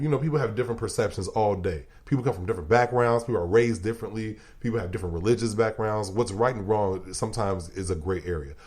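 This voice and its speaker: A man's voice: on the low side, a little mellow. A man talking as a podcast guest in loose, emphatic casual chat, swearing freely and laughing often.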